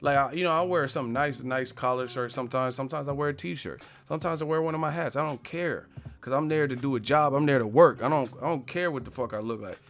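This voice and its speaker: A man's voice: medium pitch, fast talker. A man hosting a boxing live stream, ranting casually and profanely, joking and mocking stiff interviewers with put-on voices. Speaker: boxing channel host.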